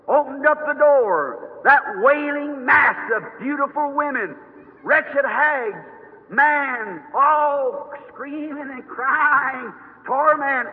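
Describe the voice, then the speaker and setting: Preacher man, fervent folksy sermon, really high voice, tinny old tape. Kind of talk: dramatized sermon. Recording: echoey hall, tinny lo-fi tape.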